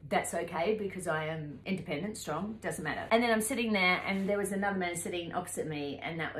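A woman in her fifties telling a travel story to camera in a casual, animated way, laughing and acting out the people she met. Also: low-pitched. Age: 50s. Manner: animated, laughing, acts out voices in her stories. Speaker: travel vlogger. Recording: echoey room with faint ambient noise.

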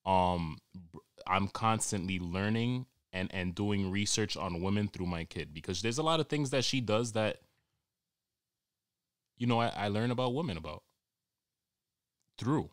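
A man's voice: on the low side, expressive, measured pace, pauses often, dry recording, studio quality. A man hosting a podcast, ranting in a rambling, crude, exasperated comic monologue, recorded at home. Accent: New York. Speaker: podcast host. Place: home during quarantine.

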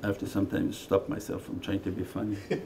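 A man teaching as a Sufi teacher in a spiritual lecture, talking conversationally and moving between quiet asides and emphatic lines. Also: deep voice, little pitch movement, fast talker, background noise. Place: meditation center hall.

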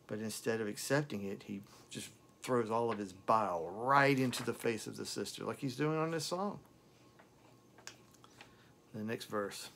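A man reviewing a song, who recites its lyrics slowly and dramatically and repeats words as he talks. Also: fairly low pitch, creaky, a bit bright, slight background noise. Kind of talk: impassioned lyric recitation and commentary.

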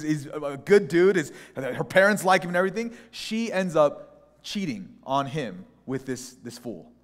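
A male pastor with a somewhat high voice, preaching in a relaxed, conversational way and telling stories with strong opinions. His words trail off into the long reverb of a church sanctuary. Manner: opinionated, animated storytelling. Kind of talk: conversational sermon.

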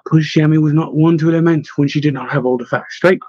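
A man narrating a novel in steady scripted reading, with occasional slips. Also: fairly high pitch, quick pace, few pauses, husky, dry recording, dull audio. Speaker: audiobook narrator.

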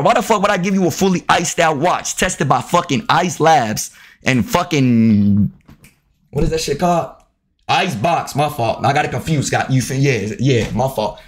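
A man's voice: on the high side, a bit bright, slight background noise. A young man, streaming a basketball game live, trash-talking and cursing at chat and other players. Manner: profane, trash-talking, riled up. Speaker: gaming streamer.

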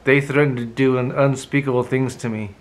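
A man's voice: medium pitch, fairly even intonation, moderate pace. A man chatting casually in a morning vlog, rambling with lots of ums and reading dad jokes aloud. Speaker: vlogger.

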